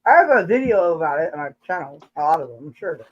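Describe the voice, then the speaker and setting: A woman's voice: sits low, sing-song, quick pace, lo-fi sound. A woman hosting a casual live chat, joking and teasing, laughing often between lines. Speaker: livestream host.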